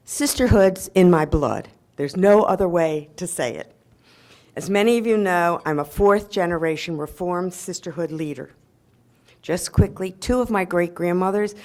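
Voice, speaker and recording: Older woman giving a heartfelt acceptance speech. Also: on the low side. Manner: warm, reminiscing, with laughs and filler ums. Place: convention hall before an audience.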